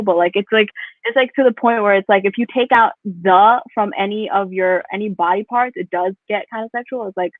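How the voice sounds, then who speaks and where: A young New York woman performs a rambling stand-up set over a video call, packed with fillers and laughing at her own jokes. Her voice is medium-pitched. The audio is tinny, phone-like, and dry with no echo.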